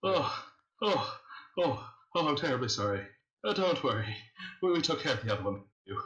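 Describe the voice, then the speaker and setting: A man's voice: medium pitch, very animated, moderate pace, a bit bright, dull audio, pitched above the performer's own voice. Cruel centuries-old aristocratic man, voiced by a man, cackling, theatrical, roomy echo. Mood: gleeful. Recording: echoey room.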